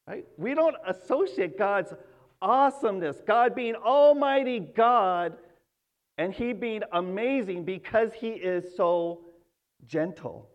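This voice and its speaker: A man's voice: extremely high pitch, lively intonation, moderate pace. A man preaching a sermon in an earnest, emphatic way, repeating key words to drive them home. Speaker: pastor. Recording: dull lo-fi sound.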